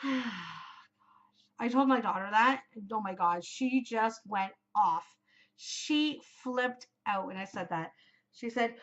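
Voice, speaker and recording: A woman's voice: a little high, slow pace, fairly bright tone, highs cut off. A woman in her forties hosting a knitting podcast, chatting casually and gushing, rambling with lots of fillers. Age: 40s. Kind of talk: casual chat.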